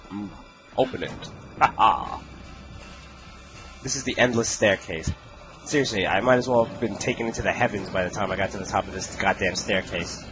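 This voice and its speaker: A man's voice: on the low side, rough recording. A man giving casual gaming commentary, joking, laughing and cursing often. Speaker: let's play host.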